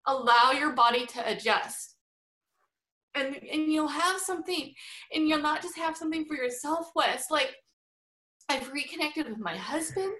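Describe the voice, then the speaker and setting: A woman's voice: high voice, a little slow, sharp tone. A middle-aged woman chatting as an interview guest, full of fillers and frequent laughs. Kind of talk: casual interview chat.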